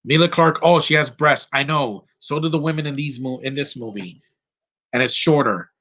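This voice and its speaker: A man's voice: medium pitch, moderate pace, pushed and bright. A man giving casual live commentary over a movie, blunt and rambling, going off on tangents.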